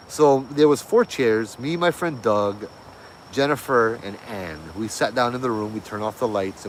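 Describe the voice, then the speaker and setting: A man's voice: fairly low pitch, slight background noise. Laid-back man telling a ghost story. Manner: laid-back, animated retelling with slang and fillers. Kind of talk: casual storytelling.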